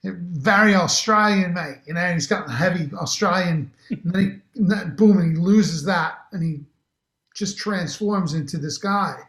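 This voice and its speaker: A man's voice: high voice, unhurried, fairly bright tone. Rambling middle-aged man in roomy echo. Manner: enthusiastic, rambling with many restarts. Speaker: actor guest. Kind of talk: casual interview chat.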